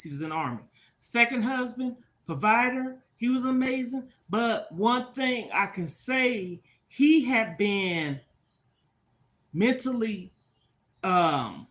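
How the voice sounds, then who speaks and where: An older woman, chatting live to her viewers. She speaks frankly and a little preachily, dropping "okay?" between her points. Her pitch sits in a middle range. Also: fairly bright tone. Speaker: livestream host. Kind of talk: casual livestream talk to viewers.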